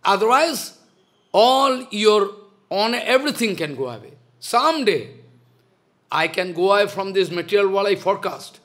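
A man's voice: high voice, expressive, moderate pace, a bit bright. Impassioned older man scolding in a lecture. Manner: impassioned, scolding, repeats rhetorical questions. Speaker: spiritual teacher. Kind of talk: devotional lecture.

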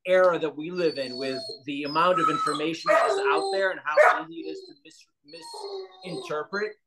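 A medical panelist speaks haltingly, circling back with fillers and restarts. The pitch rises and falls in a lively way. Loud background noise and a barking dog sit under the voice. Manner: hesitant, full of fillers and restarts. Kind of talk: unscripted answer in a Q&A.

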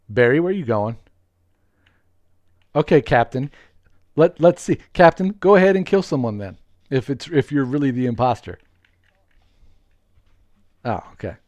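Excitable man streaming a game live. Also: mid-range voice, dry recording. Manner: excitable, greets viewers, laughs often. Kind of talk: live gameplay commentary with viewers.

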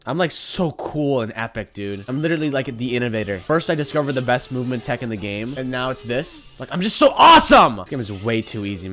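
A man giving casual, sarcastic gameplay commentary, joking around and breaking into sudden high squeals and shouts. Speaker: gaming commentator. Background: game music.

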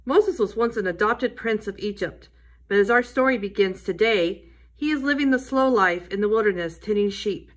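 A woman teaching a Sunday school lesson, telling a Bible story to children in a gentle storytelling way. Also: medium pitch, moderate pace.

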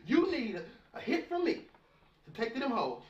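A man plays a blustering uncle who deals crack and spits profane, laughing threats, his voice high and swooping wildly as he rattles on fast. The sound is dull and lo-fi, like cheap film audio. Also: wildly swooping pitch, crowd noise, heavily acted. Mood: bragging. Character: boastful ranting crack-dealing male uncle. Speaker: uncle and drug dealer.

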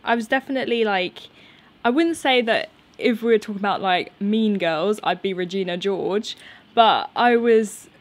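A woman's voice: mid-range voice, moderate pace. Chatty woman vlogging outdoors. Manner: chatty, laughs often, nervous energy. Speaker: YouTuber answering viewer questions. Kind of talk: casual unscripted chat. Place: outdoors in her garden.

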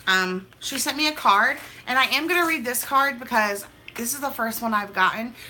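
A woman's voice: a little high, normal speed, sharp tone, slight background noise. A young woman vlogging as she opens mail, talking in a hyper, chatty, gushing way. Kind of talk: casual mail-opening vlog.

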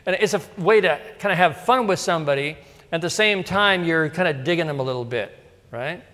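Chatty pastor preaching in a reverberant hall. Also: male voice, fairly high pitch, expressive, a little fast, sharp tone. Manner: casual and storytelling, with frequent asides and rhetorical questions. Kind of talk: conversational sermon. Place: church sanctuary.

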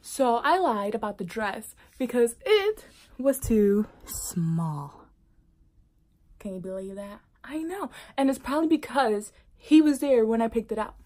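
Animated woman vlogger telling a story. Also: fairly high pitch, a little slow. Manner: animated, with dramatic whispered asides. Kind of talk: casual storytelling to camera.

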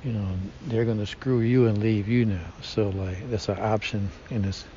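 A man holds forth in a slow, rambling monologue, stumbling over fillers and slang. His voice sits low and mellow. The recording is dull and lo-fi, with a faint rumble underneath. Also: fairly even intonation. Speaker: podcast host. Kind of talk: casual monologue.

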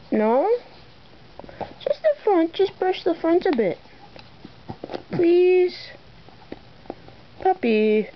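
Woman sweet-talking her dog, lively high voice. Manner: coaxing, sing-song talk to a pet. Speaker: pet owner. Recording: dull home video with faint noise.

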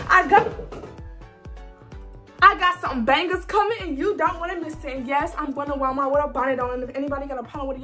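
A young adult woman vlogs casually in a big store, giggly and nervous as she talks to her viewers. Her voice is high-pitched with a fairly bright tone.

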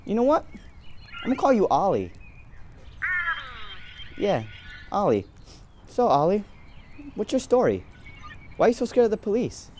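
A young man voicing a talkative, kindhearted young guy who gets worked up and then softens. His voice sits a little high and moves around a lot. Faint hiss runs under the homemade recording. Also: wildly swooping pitch, moderate pace, long pauses. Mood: gentle. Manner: exasperated then apologetic, talkative. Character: young man befriending a creature, frustrated but kind. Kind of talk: amateur short film acting.

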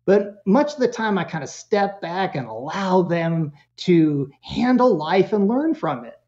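Animated male storyteller, slightly muffled. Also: sits high, unhurried. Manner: animated storyteller with chuckles and voiced quotes. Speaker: guest, parenting expert. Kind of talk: storytelling in a podcast interview.

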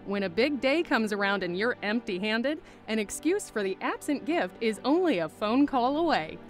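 A woman's voice: fairly high pitch, expressive, moderate pace, soft background music, close to an everyday voice. A woman voicing an upbeat announcer in a spoof commercial, selling a service. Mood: salesy. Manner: salesy, upbeat. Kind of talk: mock commercial voice-over.

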